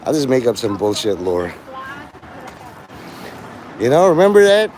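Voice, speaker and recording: A man's voice: medium pitch, very animated, measured pace, a little mellow, a little hiss or hum. A man streaming live, rambling through jokes and stories, laughing often and swearing freely.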